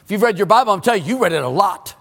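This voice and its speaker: A male pastor preaching a sermon in a church, emphatic, swinging between loud exclamations and hushed asides. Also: high-pitched, animated, very fast, creaky, long reverb tail. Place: church sanctuary.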